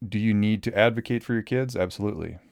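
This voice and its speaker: A man's voice: lowish voice, fast, vocal fry, a little mellow, dry recording. A man in his thirties from Minnesota hosting a solo podcast, talking casually and rambling with lots of ums and restarts. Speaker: podcast host.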